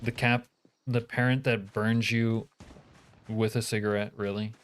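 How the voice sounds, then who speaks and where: A man's voice: on the low side, little pitch movement, unhurried, clean tone. Profane, joking male game streamer. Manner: profane, joking, grumbling at chat. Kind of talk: casual live-stream chat.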